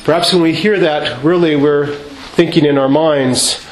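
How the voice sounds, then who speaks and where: A male priest giving a measured sermon in a church, asking rhetorical questions and singing out quoted refrains. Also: a little high. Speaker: Orthodox priest. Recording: echoey church with faint ambience.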